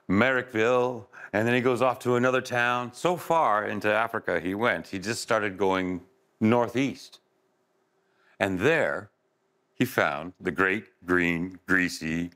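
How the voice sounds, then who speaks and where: A man telling a folk tale to children, expressive and playful with chuckling asides. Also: medium pitch. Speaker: storyteller. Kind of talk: oral storytelling for children.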